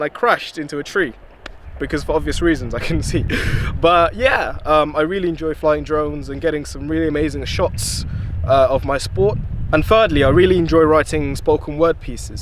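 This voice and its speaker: A young man answering viewer questions in a relaxed, lightly humorous storytelling manner. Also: fairly high pitch, slight background noise. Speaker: athlete vlogger. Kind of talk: casual direct-to-camera Q&A.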